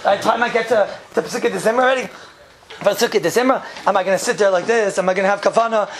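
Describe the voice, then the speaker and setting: A man's voice: sits high, racing, a little hiss or hum. A man giving an informal class full of jokes and rhetorical questions, chuckling often. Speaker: yeshiva teacher giving a class.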